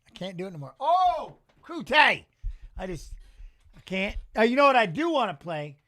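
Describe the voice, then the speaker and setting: Middle-aged man, high voice, loose animated storyteller, dry studio sound, casual swearing host. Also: normal speed, no room sound. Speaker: watch-along host and former fighter. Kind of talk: casual chat reading live chat.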